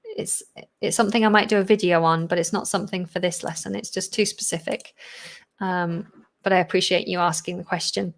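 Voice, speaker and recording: A woman, an English teacher, hosting a live question-and-answer stream, reading viewer questions and answering them with fillers and quick asides. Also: lowish voice, steady tone. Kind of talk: live-stream Q&A, chatty and unscripted.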